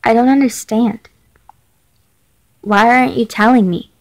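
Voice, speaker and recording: A scared teenage girl, read aloud by a woman, asks worried questions that pile up while she waits for help. The voice sits a little high, and the lines come slowly and carefully. It sounds like someone reading a chat story aloud. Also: steady tone, poor audio. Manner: frightened, pleading questions. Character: anxious teenage girl texting her mother.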